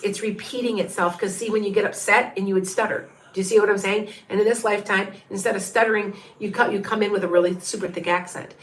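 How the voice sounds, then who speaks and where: A mid-range, fairly bright female voice belongs to a middle-aged livestream psychic. She rambles and repeats as she thinks out loud, quietly counting and reading out the names of her viewers.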